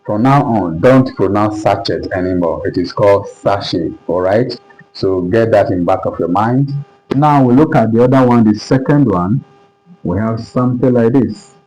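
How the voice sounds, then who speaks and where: Low-voiced teacher checking understanding. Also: male voice, moderate pace, darkish tone, a little hiss or hum, rough recording. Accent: Nigerian English. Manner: repetitive, keeps checking understanding. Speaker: English pronunciation teacher. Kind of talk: classroom lesson at a board.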